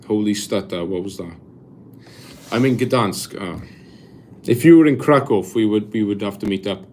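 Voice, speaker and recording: Halting, low-voiced man chatting live. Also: darkish tone, a little hiss or hum. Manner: halting, many restarts while searching for words. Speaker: livestreamer reading chat. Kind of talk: casual live chat. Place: abroad in Poland.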